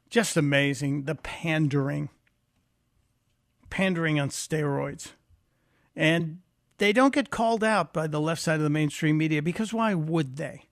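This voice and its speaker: A man with a high, gravelly voice hosts a talk radio show, filling in for the regular host. His commentary is sarcastic and mocking. The studio sound is close and dry. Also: unhurried, dry recording.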